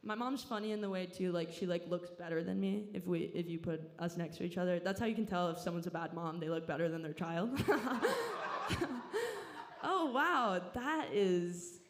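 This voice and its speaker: Drawling Southern Californian comedienne. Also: female voice, fairly low pitch. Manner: drawling, laid-back delivery that sounds stoned; slow, deadpan talk. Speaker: stand-up comedian. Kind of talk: stand-up set. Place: comedy club stage.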